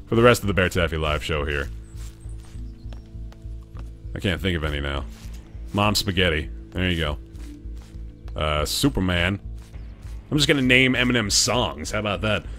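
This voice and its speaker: Jokey man streaming a game, lively voice. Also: low voice. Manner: jokey and chatty, thanks viewers, yells when startled. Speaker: gaming livestreamer. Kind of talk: live-stream gameplay commentary.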